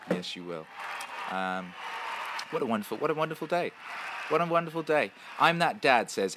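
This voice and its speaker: A man with a low-sitting voice hosts a casual livestream as a show host. He reads out viewer comments and riffs playfully, with lots of repetition and shout-outs.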